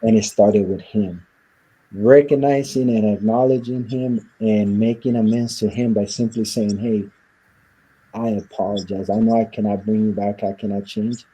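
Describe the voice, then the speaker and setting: A man's voice: on the low side, fairly even intonation, normal speed, dark tone, breathy edge, low-quality recording. A man being interviewed, earnestly telling a reflective personal story and acting out the voices of the people in it. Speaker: interview guest. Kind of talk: conversational storytelling.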